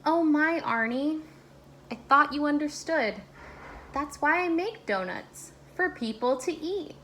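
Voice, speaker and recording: A woman voicing a cheerful, matter-of-fact male baker in a children's storybook read-aloud, friendly and calm. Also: sits high, takes it slowly, slight background noise, voice pushed up, exaggerated voice.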